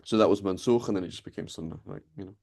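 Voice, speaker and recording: A man's voice: deep voice, very fast, vocal fry, a little mellow. A man teaching Islamic law in an informal lecture, explaining conversationally and often checking in with his students.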